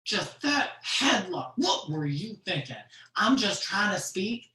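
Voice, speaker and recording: Slow, bright stand-up storyteller in an echoey room. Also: medium pitch, recorded from a distance. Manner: slow, animated storytelling with frequent laughs. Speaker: comedian. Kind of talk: stand-up storytelling on a virtual show. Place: room at home for a virtual show.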